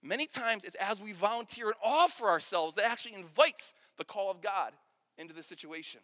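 A man's voice: high voice, animated, fairly quick, fairly bright tone. A man preaching a sermon in an earnest, storytelling way, repeating words when he gets going. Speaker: pastor. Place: large hall with an audience. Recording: long hall reverb.

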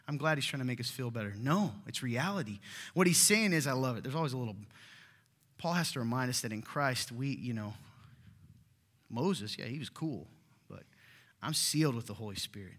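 Bright-voiced pastor preaching in a hall. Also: male voice, mid-range voice. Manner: conversational, joking asides, rising to emphatic reading. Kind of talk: sermon. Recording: reverberant hall.

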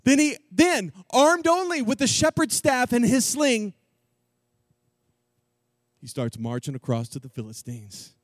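High-voiced jokey male preacher. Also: a little slow, pauses often, dry recording, clean studio sound. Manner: animated, jokey, slangy. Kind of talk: storytelling sermon.

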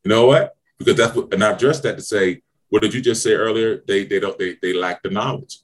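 A man hosting a podcast as a business mentor, preaching in an emphatic, profane way with exclaiming questions. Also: brisk. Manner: emphatic, preachy, swears freely, swings to high exclaiming questions. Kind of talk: motivational podcast talk.

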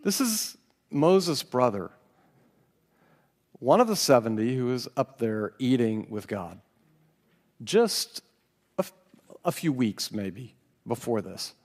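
Slow, animated male preacher in a hall. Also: medium pitch. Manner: reads scripture with dramatic voices and chuckles. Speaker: pastor. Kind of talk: sermon.

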